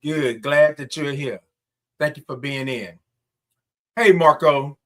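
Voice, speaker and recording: A man's voice: a little high, takes it slowly, fairly bright tone. A man hosting a casual morning livestream, greeting viewers by name and stretching out his sung greetings. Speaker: livestream host.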